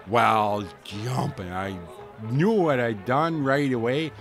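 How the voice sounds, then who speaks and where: A man's voice: mid-range voice, slow, faint music behind. A man playing a folksy, rambling storyteller, filling his comic tall tale with slang and fillers. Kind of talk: comic character monologue.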